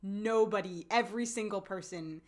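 Casting note: woman podcast co-host, casual and animated, heavy on "like", mid-pitched. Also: moderate pace. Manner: animated, acts out characters' lines with lots of fillers. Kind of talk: casual chat recapping a TV drama.

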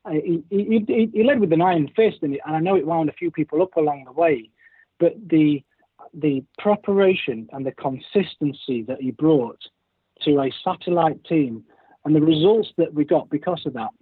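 A man with a husky, slightly raised voice, chatting casually and stumbling over repeated words as he goes. His voice comes through a dry, tinny, phone-like line. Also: fairly high pitch, moderate pace, no echo. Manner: hesitant, restarts and repeats words. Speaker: guest, former racer. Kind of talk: casual chat.

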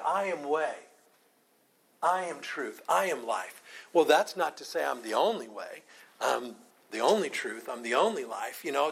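A man leads a Bible study and explains Scripture with a slightly husky, breathy voice at an ordinary pitch. He talks conversationally and keeps asking rhetorical questions as he works through the passage. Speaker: pastor leading Bible study.

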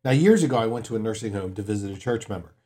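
A man in his forties preaching a sermon, earnest, mixing stories with quiet, emphatic points. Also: fairly low pitch, expressive, very fast, husky. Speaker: pastor.

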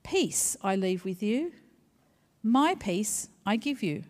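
A woman reading a Bible passage aloud in church, slow and measured. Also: medium pitch, sing-song. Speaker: scripture reader. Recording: church hall reverb.

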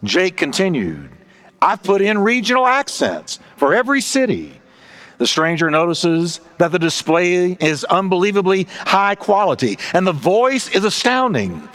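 Animated, lively preaching man. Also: high voice, a little slow. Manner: storytelling preacher, acting out voices in a joke; animated, emphatic delivery. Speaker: pastor. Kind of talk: sermon.

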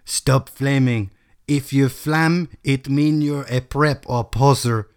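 Male podcaster voicing a sulky teen girl author, slow and whiny, nagging readers for reviews. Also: medium pitch, steady tone, smooth, lightly acted. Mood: petulant. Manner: slow, petulant, drawn-out delivery. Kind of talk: comic reading of an author's note.

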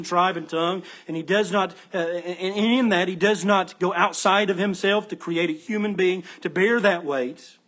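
A man's voice: high-pitched, a bit bright. A man preaching an expository sermon as pastor, earnest and emphatic, repeating key phrases as he explains the text like a teacher. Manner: teacherly, explains Greek word order.

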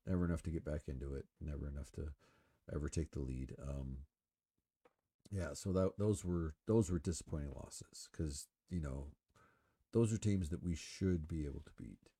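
A man's voice: very deep voice, normal speed, husky. A man hosting a solo podcast, talking casually and rambling with many fillers and swearing while he smokes. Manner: relaxed, smoking while talking. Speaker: podcast host. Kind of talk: casual solo sports talk.

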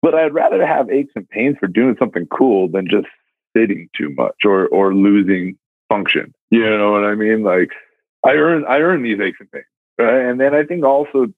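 Low-voiced laid-back man, casual chat. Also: moderate pace, no echo, narrow, tinny audio. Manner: laid-back, peppered with "like" and "dude". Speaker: podcast co-host.

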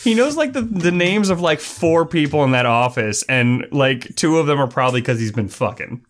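A man's voice: medium pitch, moderate pace. A man co-hosting a podcast, chatting animatedly about a TV episode and swearing freely. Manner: animated, profane, acts out quotes. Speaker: podcast co-host. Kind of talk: casual recap chat.

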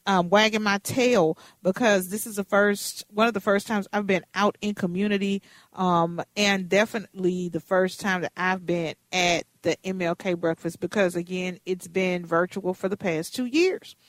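An animated radio host in her fifties tells a story in a chatty, lively way. Her voice sits in an ordinary middle range for a woman. The sound is dry and close, with no room echo. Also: mid-range voice, moderate pace. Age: 50s.

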